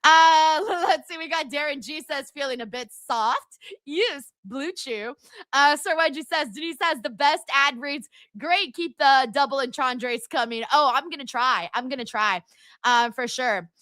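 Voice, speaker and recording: A woman's voice: high-pitched, moderate pace, pushed and bright, no echo. A young woman hosting a live-stream watchalong, chatting casually and giggling as she reads out viewer comments.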